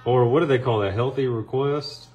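A man's voice: medium pitch, normal speed, music in the background. A man co-hosting a cooking video in a home kitchen, chatty and encouraging, asking questions as the food gets made. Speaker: co-host. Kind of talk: casual cooking chat.

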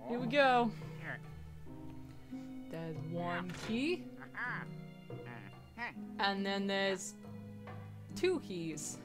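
A woman giving casual, excitable commentary while playing a video game, swearing and shrieking at what happens on screen. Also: mid-range voice, drawn-out words, pauses often. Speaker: let's play gamer. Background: game music.

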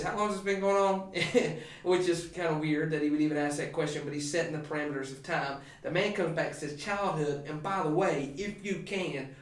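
Pastor, male, slightly high voice, emphatic podcast preacher, echoey distant room sound. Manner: animated, emphatic preaching with many restarts. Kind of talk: podcast sermon talk.

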